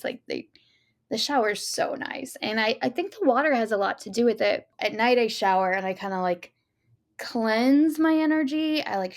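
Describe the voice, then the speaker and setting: A woman's voice: medium pitch, vocal fry. A woman co-hosting a podcast, speaking reflectively in casual spiritual chat with many fillers. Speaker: podcast co-host.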